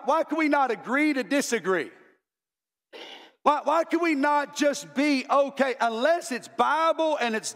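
A man's voice: very high voice, a bit bright, big-room sound. A male pastor preaching an impassioned sermon, repeating words as he builds to emphatic calls. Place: church sanctuary.

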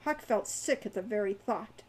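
A woman reading her own young adult fantasy novel aloud in a lively storytelling way. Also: medium pitch, normal speed, breathy edge. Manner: animated narration.

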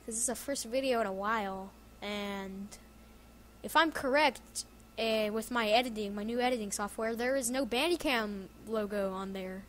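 A woman giving casual gameplay commentary as a video game YouTuber, excitable and jokey, often yelling and laughing at the match. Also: on the high side, normal speed, slight background noise. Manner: jokey self-talk. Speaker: gaming YouTuber.

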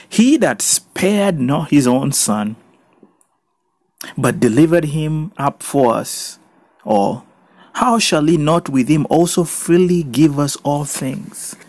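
A male pastor preaching a sermon and reading scripture, swinging between soft reading and loud emphatic exclaiming. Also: mid-range voice, creaky, no room sound.

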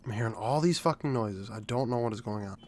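A young man giving live commentary over a shooter game, swearing often and swinging from low mumbling to loud yelling. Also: fast talker. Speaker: gaming YouTuber.

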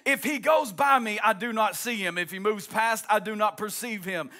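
A male pastor preaching an impassioned sermon, rising into shouts and a sing-song cadence, then dropping into folksy asides. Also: high-pitched, moderate pace, faint music behind.

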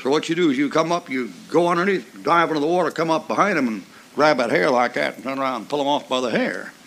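A man's voice: on the high side, lively intonation, fast, a bit bright. An older man preaching a sermon in a folksy, emphatic way, mixing mocking asides with chuckles.

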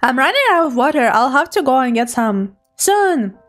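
A very high-pitched woman streaming as a VTuber, chatting casually with her viewers. She is bubbly and giggly and teases playfully as she greets people. Soft music plays faintly behind her. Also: big pitch swings, normal speed.

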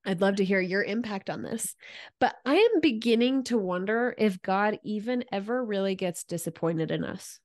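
A woman's voice: mid-range voice, expressive, normal speed, a little mellow. A woman hosting a faith podcast, who muses earnestly and speaks in bursts of emphasis. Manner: earnest and musing, with frequent restarts and bursts of emphasis. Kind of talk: reflective faith conversation.

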